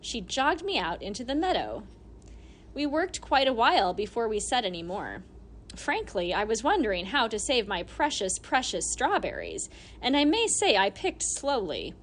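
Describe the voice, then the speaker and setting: A woman narrating an audiobook in the first person, telling the story in an animated, expressive way. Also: fairly high pitch, moderate pace.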